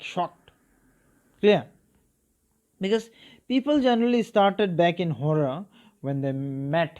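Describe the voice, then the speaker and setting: A man's voice: a little high, darkish tone. A male English teacher reading a story aloud and explaining it line by line, checking in with the class. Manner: explains slowly, checks in with "okay" and "clear".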